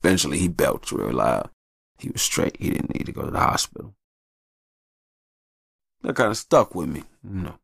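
A man's voice: deep voice, very animated, moderate pace, vocal fry, long pauses, husky, no room sound, clean studio sound. A man hosting a podcast, telling personal stories in a candid, profane, casual way. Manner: candid, profane, acts out voices in his stories. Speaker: podcast host. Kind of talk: casual storytelling monologue.

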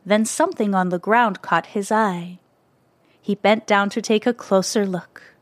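Woman reading kids story, gentle expressive, dry close mic. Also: mid-range voice, a little slow, dry recording.

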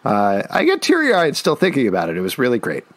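Animated man with a lively voice. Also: mid-range voice, brisk. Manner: animated, ranting, laughs and puts on silly voices. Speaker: podcast co-host. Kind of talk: casual chat.

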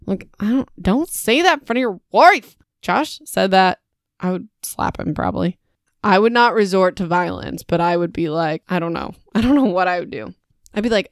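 A woman's voice: on the low side, gravelly, no echo, studio quality. A young adult woman hosting a casual book podcast, chatty and self-mocking, laughing at her own slips into a home microphone. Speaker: podcast host.

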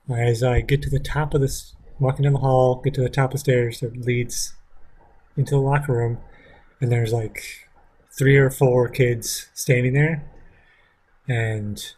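A man's voice: medium pitch, a little mellow, slightly rough. A man casually telling a story from his school days, rambling with frequent swearing. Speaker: vlogger.

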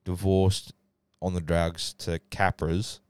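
Give me a young Australian man, slangy and rowdy, with a smooth, resonant tone. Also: deep voice, level tone, slow, a little mellow, no echo. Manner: rowdy, slangy storyteller, swears freely. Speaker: podcast host. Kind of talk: casual chat among mates.

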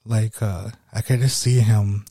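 A man's voice: fairly low pitch, fairly even intonation, unhurried, mellow, dry recording, studio quality. A man hosting a solo motivational podcast, rambling and swearing casually as he talks. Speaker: podcast host.

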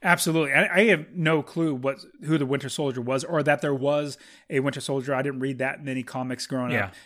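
A man's voice: mid-range voice, steady tone, brisk, fairly bright tone. A man chatting casually and enthusiastically about a movie as a podcast co-host, rambling with frequent restarts.

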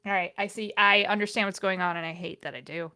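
Bright-voiced woman reading with sardonic groans. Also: medium pitch, fairly even intonation, fast, clean tone. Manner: sardonic, groaning and laughing at the text. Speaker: podcast host reading a fanfiction aloud. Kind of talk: casual comedic read-along.

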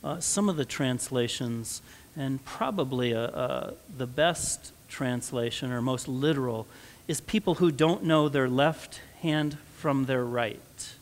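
Long reverb fills the church sanctuary as a Midwestern pastor delivers his sermon slowly in a mid-range voice. His tone is conversational at first before rising into emphatic stresses.

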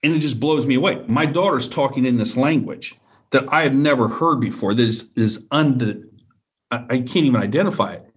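A man's voice: medium pitch, fairly quick. A man telling a personal story as a guest, earnest and repetitive, often checking in with the listener.

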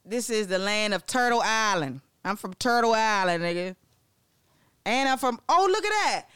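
A young woman from Maryland hosting a casual educational vlog, excitable and joking, often digressing and swearing as she talks. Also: medium pitch, moderate pace, smooth, no echo, clean studio sound. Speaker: vlogger presenting facts on Black-owned businesses.

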